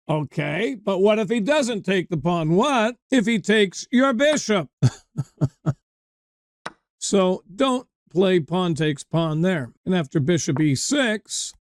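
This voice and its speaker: High-voiced chatty man teaching chess. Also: dry recording, studio quality. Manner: chatty, digresses into anecdotes, addresses viewers. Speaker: chess coach. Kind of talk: chess game commentary lesson.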